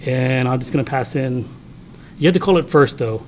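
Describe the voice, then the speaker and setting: A man's voice: mid-range voice, normal speed, slight background noise. Casual male programming instructor. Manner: casual, thinks aloud while typing, talks to himself; checks in with the class often. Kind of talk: classroom lecture with live coding. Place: classroom with students.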